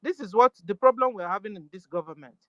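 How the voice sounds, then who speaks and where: A forceful woman hosts a casual live audio room. Her voice sits at a middling pitch. It comes through dull, lo-fi online audio with a dry, close sound. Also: fast talker, no room sound. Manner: forceful, repeats "you understand?". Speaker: host of an online audio space.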